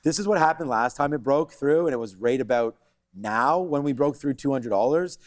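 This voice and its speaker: A man hosting a live stock market show, chatting casually with quick asides and lots of fillers. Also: mid-range voice. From Canada. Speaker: stock market livestream host.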